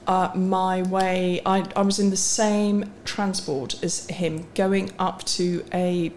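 A woman's voice: fairly low pitch, little pitch movement, takes it slowly, darkish tone, a little hiss or hum. A middle-aged woman, the guest on a podcast, answering questions in a candid, self-deprecating way with frequent restarts. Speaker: guest, sports series CEO. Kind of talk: casual podcast interview.

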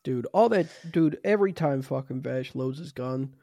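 A man's voice: mid-range voice, lively intonation, normal speed, gravelly, warm tone, no echo, clean studio sound. A man co-hosting a podcast who chats in an enthusiastic, slangy way and keeps saying "dude.". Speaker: podcast co-host. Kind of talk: casual podcast banter.

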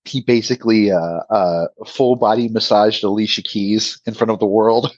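A chatty male podcast host with a husky, breathy edge to his voice. He talks casually and laughs often as he tells stories. The recording is dull and lo-fi, with a dry sound. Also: on the low side, fairly even intonation, normal speed, a little mellow, no room sound. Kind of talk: casual chat.

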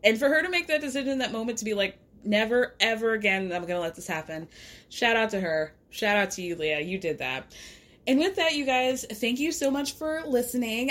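A fairly high-voiced woman hosts a pop culture podcast. She talks in a casual, chatty flow full of "like" and "you know", acting out quotes from reality TV with lively energy. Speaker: podcast host.

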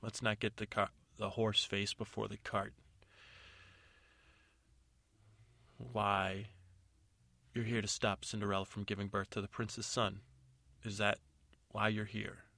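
Guy playing a pushy stepmother who keeps grilling, low gravelly voice, dry sound. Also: little pitch movement, moderate pace, sharp tone, no echo. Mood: suspicious. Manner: curt, demanding. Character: suspicious blunt stepmother woman, interrogating.

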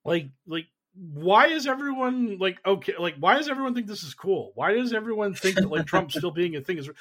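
A man talking politics on a panel, animated and mocking, often putting on sarcastic voices and swearing. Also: high-pitched, fairly quick. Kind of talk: casual political discussion.

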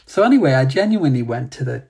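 A man with a gravelly, creaky edge to his mid-pitched voice, speaking as a podcast guest. He tells a personal anecdote candidly, with animated, self-mocking humour and laughter along the way. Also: fast talker.

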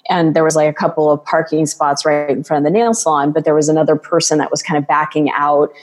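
A woman talks as a guest coach in an earnest, flowing way, now and then acting out the voices of others. Her voice sits a little low, and a long reverb trails behind it. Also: level tone, quick pace. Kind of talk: casual interview talk.

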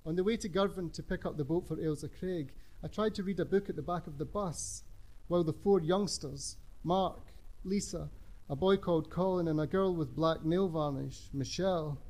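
High-voiced man reading a story. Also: darkish tone. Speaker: narrator. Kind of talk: audiobook narration.

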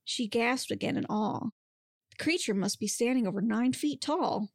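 A woman podcast host reading a monster romance story aloud with steady, expressive narration. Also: a little high, moderate pace, dry recording, clean studio sound.

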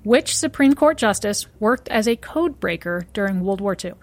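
A woman's voice: mid-range voice, expressive, normal speed. A woman co-hosting a casual podcast, running a trivia quiz with playful, teasing remarks.

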